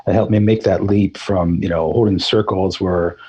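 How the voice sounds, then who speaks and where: A middle-aged man, a throat singer, telling his story in a relaxed, rambling way during a casual interview, with many fillers and restarts. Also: low voice, moderate pace, slightly rough, rough recording. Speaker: guest musician, throat singer.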